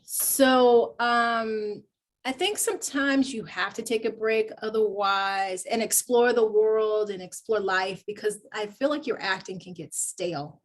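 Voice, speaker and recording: A woman actor, a guest in a casual interview, telling stories with lively acted-out quotes. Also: mid-range voice, unhurried. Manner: animated storyteller acting out quoted lines.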